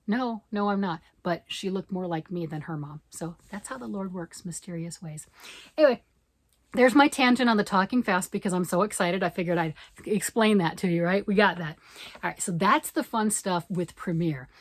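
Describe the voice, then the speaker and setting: Woman from Michigan, yarn vlogger, rapid excited chatter, lower voice, dry close sound. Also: no echo. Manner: fast, excited, rambling talk. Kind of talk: casual chat to camera.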